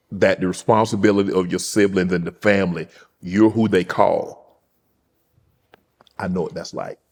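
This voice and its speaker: Host type: low, husky man, soft-spoken storyteller, casual chat. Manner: soft, storytelling, drops quiet when emotional.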